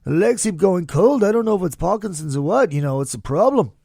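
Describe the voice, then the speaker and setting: A man doing a deliberately bad impression of a weary, mumbling aging rock singer. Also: sits high, expressive, creaky, a little mellow, husky, dry recording, studio quality, exaggerated voice. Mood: complaining.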